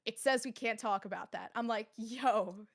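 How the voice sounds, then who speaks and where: A woman's voice: a little high, a little fast, vocal fry, fairly bright tone. A young woman, an esports commentator, telling rambling stories in a casual studio interview, laughing often. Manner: giggly, rambling storyteller.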